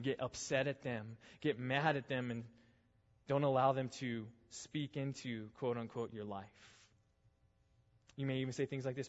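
A man preaches a youth sermon in a church hall, earnest and building through repeated phrases before falling quiet. His voice sits at an ordinary pitch, and the lo-fi recording carries a long hall reverb. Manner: earnest, builds intensity in repeated phrases then drops soft. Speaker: youth pastor. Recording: echoey hall, dull lo-fi sound.

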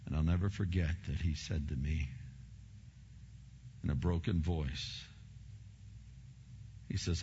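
A man's voice: very deep voice, slow pace, long pauses, warm tone, highs cut off, slight background noise. A middle-aged male pastor preaching a sermon, moving from a personal story to fervent preaching.

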